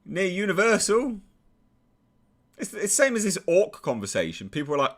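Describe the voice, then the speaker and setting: A man's voice: fairly high pitch, sing-song, brisk, fairly bright tone. A man with an English accent giving casual, sarcastic commentary, exasperated and swearing freely. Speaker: YouTube commentator.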